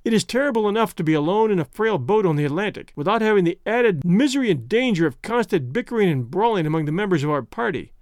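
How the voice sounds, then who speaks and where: A man's voice: high-pitched, expressive, fast talker, few pauses, no room sound, clean studio sound. A man doing a firm, proper young lady. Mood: reproachful. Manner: firm, reproachful.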